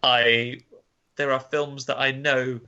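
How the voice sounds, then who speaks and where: Bright-voiced man on a muffled mic. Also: mid-range voice, level tone, takes it slowly, clear, resonant tone. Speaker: podcast co-host. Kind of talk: casual film chat.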